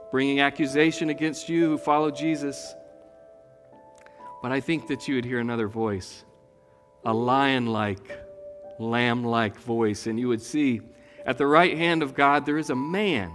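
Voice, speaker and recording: Earnest pastor preaching in an echoey hall. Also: male voice, medium pitch. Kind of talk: sermon. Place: church sanctuary.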